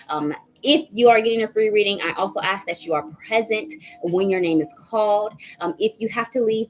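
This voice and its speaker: A woman with a somewhat low voice hosts a live tarot stream, talking in a chatty, grateful way as she greets viewers by name. There are plenty of "um"s as she catches up on comments. A faint hiss sits under the recording. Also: rough recording. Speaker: tarot reader hosting a livestream.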